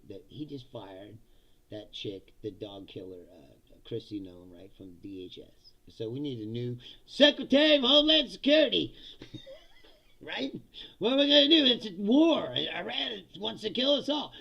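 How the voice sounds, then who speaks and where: This man's voice sits on the high side, pushed and bright, with vocal fry. On his political comedy show he reads chat comments and rants sarcastically, swearing plenty in casual livestream commentary.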